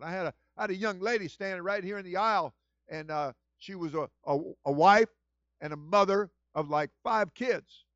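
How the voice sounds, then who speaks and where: Male senior pastor, sermon delivery, repeats lines for emphasis, swings from hushed to loud. Dry, muffled recording. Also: high voice, moderate pace, no echo. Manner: swings from quiet storytelling to shouted exhortation.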